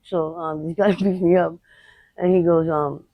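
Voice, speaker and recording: A woman interviewed outdoors on the street, recounting her experiences in a blunt, unfiltered way with halting restarts. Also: fairly low pitch, fairly even intonation, no room sound, narrow, tinny audio. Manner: rapid, halting retelling. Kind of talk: candid personal storytelling.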